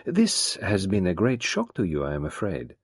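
A man voicing a courteous, fussy older male detective who speaks in a polite, measured, formal way. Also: deep voice, huge pitch swings, breathy edge, no room sound, clean studio sound, full character voice.

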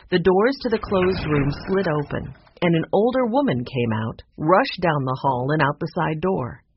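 A narrator reading a children's chapter book aloud in an expressive storybook style. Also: medium pitch, husky. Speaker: audiobook narrator. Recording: dull lo-fi recording with faint noise.

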